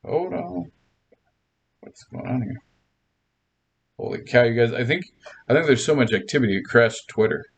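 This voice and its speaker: A man's voice: mid-range voice, animated, normal speed, creaky, pauses often, breathy edge, highs cut off. A man hosting a casual livestream, chatting with viewers in a rambling, playful way, laughing often and restarting his sentences. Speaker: livestream host.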